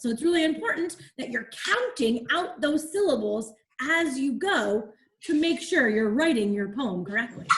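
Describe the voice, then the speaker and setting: A woman teacher leading an online class over a video call, encouraging the children and asking them questions as she explains. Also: high voice.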